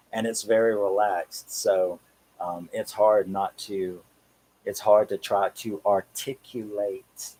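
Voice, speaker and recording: A man's voice: fairly low pitch, darkish tone, rough recording. A man in his thirties from England with a Cockney accent, hosting a casual live-stream chat in a rambling, chatty way and chuckling often. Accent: Cockney English. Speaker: horror channel host.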